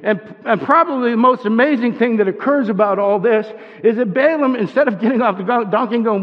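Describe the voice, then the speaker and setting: A man's voice: high-pitched, expressive, fairly quick, few pauses, long reverb tail, highs cut off. A man giving a conversational sermon, often restarting his sentences and asking his listeners questions. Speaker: preacher.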